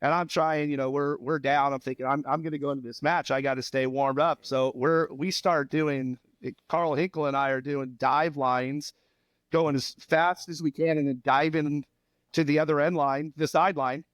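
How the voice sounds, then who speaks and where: A man's voice: on the high side, steady tone, moderate pace, dry recording. A middle-aged man, a head coach, telling stories in a casual podcast chat and laughing at his own anecdotes. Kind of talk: casual storytelling.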